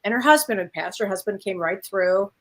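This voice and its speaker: A woman's voice: medium pitch, fairly quick. A woman co-hosting as a medium, telling a story in casual chat with plenty of fillers. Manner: anecdotal storyteller, frequent fillers. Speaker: medium and co-host.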